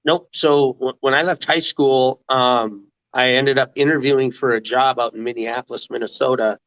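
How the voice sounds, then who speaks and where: A man's voice: medium pitch, steady tone, moderate pace, fairly bright tone, no room sound. Middle-aged guy rambling through his stories, lots of restarts, dry slightly dull audio. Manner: rambling, many restarts, laughs while telling stories. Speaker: interview guest, former mascot. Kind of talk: casual storytelling.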